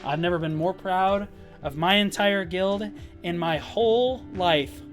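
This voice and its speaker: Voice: mid-range voice, unhurried, faint music behind. Profane, heated gaming guild leader ranting. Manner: profane, heated and emphatic, with frequent "like" and "um". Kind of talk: live-stream storytelling rant.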